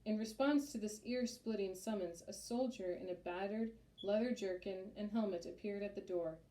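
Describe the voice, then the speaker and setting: Woman narrator, storybook reading, steady, mellow, roomy echo. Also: medium pitch, moderate pace. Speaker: audiobook narrator.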